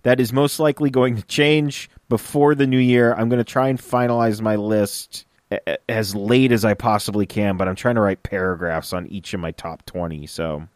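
A man's voice: fairly low pitch, fairly even intonation, moderate pace, no echo, clean studio sound. A young man co-hosting a casual podcast, reading listener questions aloud in an easygoing way. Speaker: podcast co-host. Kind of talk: casual chat.

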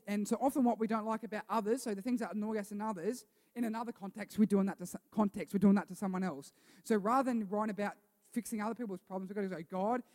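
Male pastor, high voice, chatty sermon delivery with a hall echo. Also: darkish tone. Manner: chatty, repeats himself, asks the congregation questions. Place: church hall with a congregation. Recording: long reverb of a church hall.

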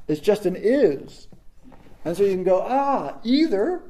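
A man's voice: sits high, a little slow. A man giving a casual reflective talk, telling stories and acting out quoted voices with animation. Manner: animated storytelling, acts out quotes.

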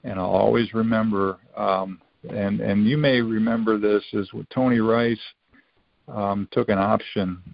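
Gravelly low-voiced man telling stories. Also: steady tone, a little slow, no echo. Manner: rambling, full of restarts and quoted dialogue. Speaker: podcast guest, former college football player. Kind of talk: casual storytelling. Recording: dull, lo-fi sound.

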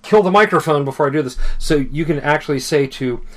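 A man's voice: a little high, fast. A man hosting a podcast in casual chat, rambling with many fillers and restarts. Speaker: podcast host.

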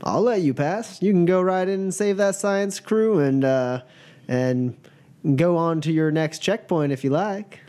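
A man's voice: on the high side, unhurried, a little mellow, pitched above the performer's own voice, close to an everyday voice. A man voicing a menacing male outlaw in a tabletop game, with a folksy drawl and mock-friendly threats.

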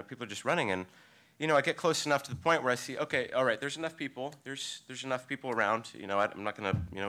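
A man with a lowish, bright, forceful voice tells a true story of his own live before an audience. He talks in a vivid, halting way, rising into eager bursts and then dropping to hushed, careful phrases. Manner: vivid, halting retelling that swings between excited and hushed. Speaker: storyteller, local surfer. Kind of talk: personal story told live on stage.

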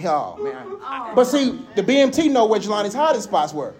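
A man giving a casual sermon, telling stories in an animated, conversational way and laughing often. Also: very high voice, brisk. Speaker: speaker.

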